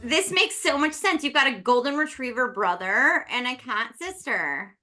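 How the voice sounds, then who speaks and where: A woman's voice: high voice, lively intonation, moderate pace, bright, forceful tone. A woman chatting casually as a tabletop game player, playful and laughing often. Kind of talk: casual chat between players.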